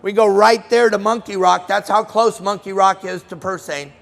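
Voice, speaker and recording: A man's voice: high voice, fairly even intonation, normal speed, vocal fry, fairly bright tone. A middle-aged man giving a live fishing seminar, joking with and quizzing the audience by name. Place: trade show hall. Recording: long hall reverb.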